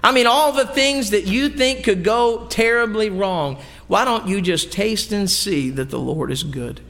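Folksy preacher man, gravelly. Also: high-pitched, unhurried, a bit bright, long reverb tail. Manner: folksy, emphatic preaching with homey asides. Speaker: pastor. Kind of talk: sermon. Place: church sanctuary.

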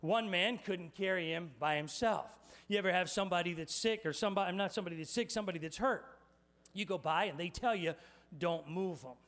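High-voiced energetic man preaching. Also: fast talker. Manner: energetic, playful, addresses the congregation directly. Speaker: pastor. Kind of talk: sermon with live demonstration.

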